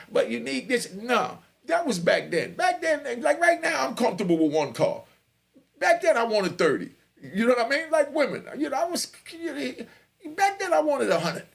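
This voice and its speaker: A middle-aged man with a New York accent tells prison stories in a loose, rambling monologue full of fillers. His voice is gravelly and sits a bit high for a man. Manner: animated, rambling, full of "you know what I mean". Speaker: host telling prison stories. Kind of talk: casual storytelling monologue.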